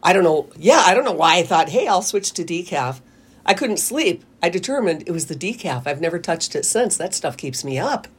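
Middle-aged female call-in host: husky, slightly low, casual and giggly. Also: animated, a little fast, few pauses. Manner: laughs often, chatty and rambling. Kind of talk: casual radio chat. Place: radio studio.

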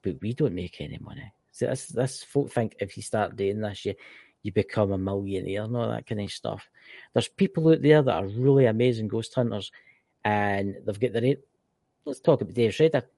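A man's voice: fairly low pitch, moderate pace, creaky, warm tone, dry recording, studio quality. A Scottish man co-hosting a podcast, chatting casually in a rambling, joking way. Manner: rambling, swearing, banter. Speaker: podcast co-host. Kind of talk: casual chat.

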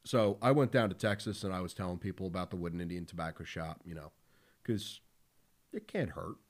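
A man's voice: low-pitched, brisk. A man hosting a podcast in casual talk, blunt and profane, with lots of fillers. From Philadelphia area. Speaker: podcast host.

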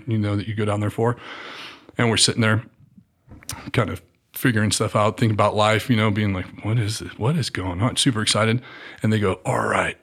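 A man from Southern California speaks in a low, easygoing voice as a podcast guest. He tells his story casually, full of slang, and acts out the dialogue with sudden jumps in pitch. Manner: animated, acts out quoted dialogue with swings in pitch; laid-back slangy talk with frequent fillers.

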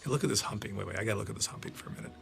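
Very gravelly low-voiced man. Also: rapid-fire, over music. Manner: rambling, profane storytelling; stops to react to on-screen scenes. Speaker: film producer giving commentary. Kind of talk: casual anecdotal audio commentary.

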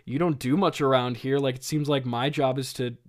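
A man's voice: mid-range voice, fairly even intonation, a little fast, natural voice. A man doing a nagging, exasperated wife. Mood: annoyed. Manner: complaining, nagging.

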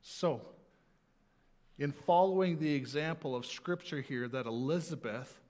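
A man preaching a sermon in a conversational, animated way, slowing down to stress key words. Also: on the high side. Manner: conversational, animated, slows for emphasis.

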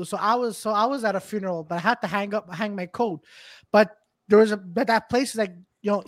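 Animated woman, dry close sound. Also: medium pitch, no echo. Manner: loud laughter, animated storytelling. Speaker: podcast co-host. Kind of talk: casual comedy chat.

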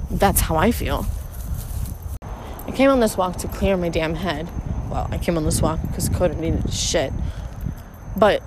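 A woman's voice: on the low side, background noise. A woman podcast host ranting frankly and with plenty of swearing while out walking her dog, recorded on a phone. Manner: rambling, profane, frank. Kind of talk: casual solo rant. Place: outdoors on a walk with her dog.

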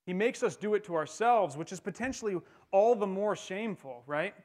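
A pastor giving a sermon in a conversational way, with wry humor, in a church. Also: male voice, high-pitched, animated, fairly quick, darkish tone.

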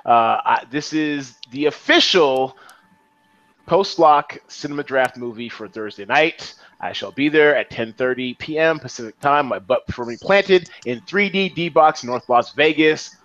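A man hosting a podcast in casual chat, animated and playful, full of slang. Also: on the high side, unhurried, lo-fi sound. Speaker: podcast host.

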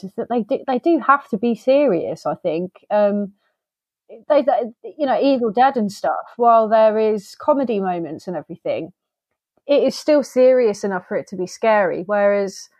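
A woman co-hosting a podcast in casual, animated chat, keen to act out what others said. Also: mid-range voice, no echo. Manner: animated, chatty, acts out quoted lines. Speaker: film review podcast co-host.

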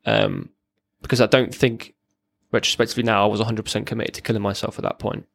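A man, a former serviceman, telling his own story as a podcast guest in a halting, plain-spoken way. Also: fairly low pitch, level tone, gravelly, dry recording. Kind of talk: candid personal storytelling.

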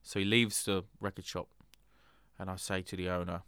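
A man's voice: sits low, level tone, moderate pace, a bit bright, clean tone, dry recording, clean studio sound. A man co-hosting a comedy podcast, telling a rambling story with lots of ums and restarts. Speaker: podcast co-host. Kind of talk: casual comedic chat.

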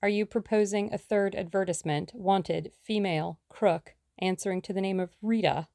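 A woman's voice: mid-range voice, fairly even intonation, normal speed, creaky, dark tone, no echo, clean studio sound, natural voice. A woman doing a lazy teasing young man. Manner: teasing, mock-formal.

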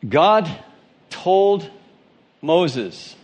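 A man's voice: fairly high pitch, very animated, very slow, a little mellow. A male pastor with a Southern twang, reading scripture and preaching an emphatic sermon that asks questions of the congregation.

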